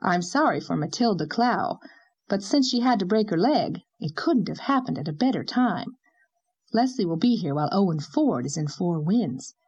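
A woman plays a blunt older village woman, brisk and tart with firm opinions. The storybook figure speaks with slightly raised pitch. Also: darkish tone, husky, lo-fi sound.

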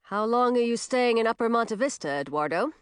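A woman's voice: fairly high pitch, lively intonation, fairly quick, smooth, no echo, studio quality, voice pushed up, close to an everyday voice. A woman voicing a proud, touchy young lord in an audiobook, sounding stiff and proud. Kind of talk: audiobook character voice.

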